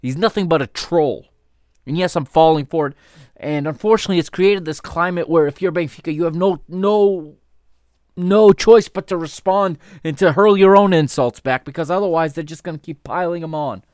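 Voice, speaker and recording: A man's voice: fairly high pitch, dry recording, studio quality. A man hosting a sports podcast, ranting heatedly about a rival club, swearing and laughing in disbelief. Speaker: podcast host. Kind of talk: opinionated sports podcast rant.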